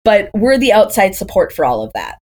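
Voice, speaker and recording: Chatty woman telling lively stories. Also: medium pitch, brisk. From Green Bay, Wisconsin, USA. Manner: chatty, lively storytelling with rhetorical questions. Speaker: doula, podcast guest. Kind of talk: casual podcast conversation.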